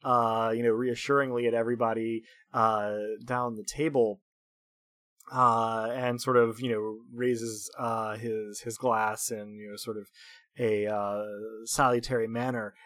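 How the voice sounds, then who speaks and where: A man narrating as game master of a tabletop game, unhurried and full of fillers and laughter. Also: mid-range voice, flat delivery, fairly bright tone, no room sound. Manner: unhurried, filler-heavy storytelling with frequent laughs.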